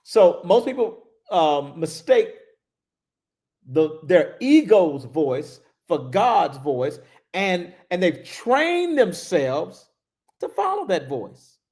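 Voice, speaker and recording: A man preaching a sermon as a bishop, animated and laughing, repeating key phrases for emphasis. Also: sits high, takes it slowly. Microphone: livestream.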